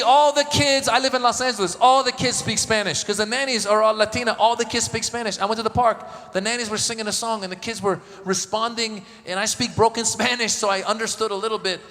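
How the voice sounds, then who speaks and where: Bright high-voiced male stand-up comic. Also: fast talker, few pauses. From Iran. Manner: animated, joking with the crowd, acting out voices. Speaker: stand-up comedian. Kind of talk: stand-up comedy set. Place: large event hall with a live audience. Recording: echoey live hall, crowd.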